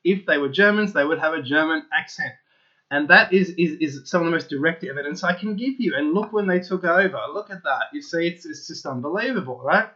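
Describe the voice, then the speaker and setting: A man delivers an opinionated solo monologue to viewers on his own channel, excitable and insistent, circling back to the same points again and again. His voice is a little high and a little fast, and the sound is lo-fi.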